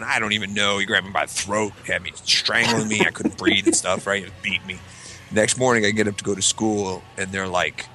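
A man telling a long story in casual chat with friends, rambling and profane, acting out shouted quotes. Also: lowish voice. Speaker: podcast co-host telling a story.

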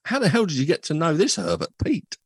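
A man's voice: a little high, big pitch swings, quick pace, creaky, slightly rough, no room sound. A man hosting a casual chat show, talking in a chatty, joking way with rambling asides. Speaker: podcast host.

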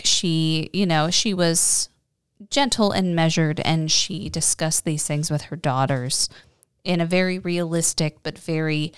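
A woman's voice: low-pitched, clear, resonant tone, no room sound, clean studio sound. A woman co-hosting a podcast in a casual, enthusiastic and digressive chat. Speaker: podcast co-host.

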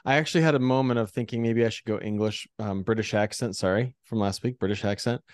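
A man's voice: fairly low pitch, fast, no room sound. Rambling, laughing American man on dry mic. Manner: rambling, self-deprecating, laughs often. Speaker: church podcast co-host. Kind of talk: casual chat.

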